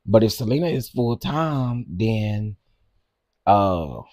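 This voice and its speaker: A man hosting a casual live stream, chatty and quick to laugh, talking straight to his viewers. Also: fairly low pitch, animated, a little mellow, no room sound, studio quality.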